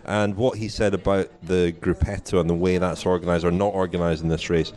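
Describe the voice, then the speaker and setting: A man's voice: sits low, level tone, fairly quick, darkish tone. A man hosting a podcast, leading a genial, wry conversation from a small restaurant. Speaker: podcast host. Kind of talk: hosting a casual podcast chat.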